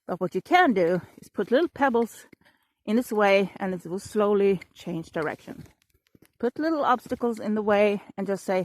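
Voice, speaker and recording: A woman's voice: mid-range voice, animated, normal speed, darkish tone, no room sound. Woman vlogger, native Swedish speaker, chatty and upbeat, dry close sound, recorded outdoors on a walk. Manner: chatty, acts out her own thoughts with sighs and little voices. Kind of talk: casual motivational talk on a walk. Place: outdoors on a walk with her dog.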